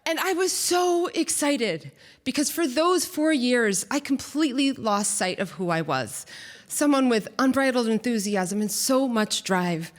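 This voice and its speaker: A woman telling a comic, animated story live on a theater stage. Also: a little high, unhurried. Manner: comic and animated, acts out quotes. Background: audience.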